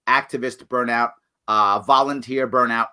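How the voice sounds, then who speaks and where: A man hosts a live political Q&A show, reading out viewer comments and replying earnestly and animatedly, swinging from loud emphasis to quiet apology. His voice sits in the mid-range, moves at a normal speed, and sounds clean.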